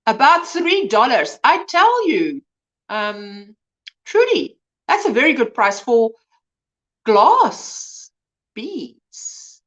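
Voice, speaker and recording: A woman's voice: on the high side, very animated, extremely slow, a bit bright, lo-fi sound. A woman hosting a casual livestream, chatting and greeting viewers by name with frequent exclamations. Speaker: livestream host. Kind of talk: casual chat reading comments.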